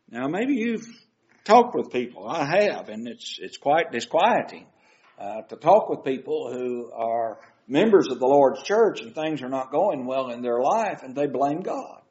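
A man's voice: fairly high pitch, sing-song, moderate pace, darkish tone. An older man preaching a sermon in a church, talking in a conversational way and asking his listeners questions. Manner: conversational, asks the congregation questions, with frequent uh fillers. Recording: slightly dull lo-fi sound.

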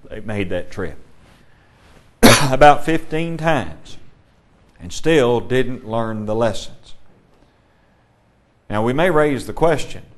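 A man leads a Bible class at a steady, even pitch. He asks his students questions and reads scripture aloud in between. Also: takes it slowly, long pauses.

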